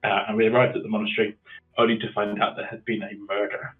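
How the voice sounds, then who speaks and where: A man with a fairly low voice recaps a tabletop game session, stumbling through ums and false starts. His voice comes through a thin, phone-like call line, with faint music underneath. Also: level tone, fast talker. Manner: hesitant, many ums and restarts. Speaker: player giving a session recap. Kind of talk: casual chat over a voice call. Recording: tinny phone-like call audio.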